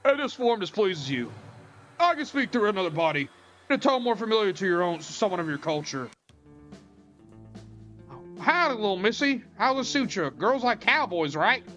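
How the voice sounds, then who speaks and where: A woman voicing an ancient male plant monster that collects souls, speaking in a slow, mock-folksy cowboy drawl. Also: mid-range voice, big pitch swings, a bit bright, soft background music. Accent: cowboy drawl, put-on.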